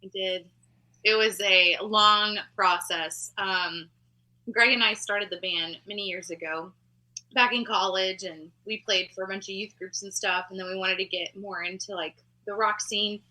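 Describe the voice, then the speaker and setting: Woman from Texas, band singer, bright voice, chatty, guest on a podcast. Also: medium pitch, steady tone, a little slow, poor audio. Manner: chatty, laughs easily. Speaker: singer-songwriter in a rock band. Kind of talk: casual interview chat.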